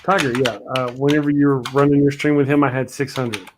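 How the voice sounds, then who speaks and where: A man chatting casually as a guest on a livestream call, relaxed and halting. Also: mid-range voice, background noise. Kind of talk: casual chat.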